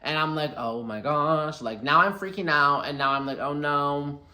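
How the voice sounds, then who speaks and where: Chatty young man telling a story. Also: on the high side. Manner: chatty and animated, quotes people in quick asides. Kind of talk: casual storytime vlog. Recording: echoey room.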